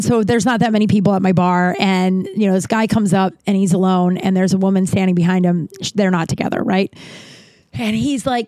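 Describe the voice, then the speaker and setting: A woman in her thirties tells a bartending story in a loose, rambling way, swearing as she goes. Her voice sits at an ordinary pitch for a woman. The sound is close and dry, with no room echo. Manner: rambling, profane, animated. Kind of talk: casual storytelling.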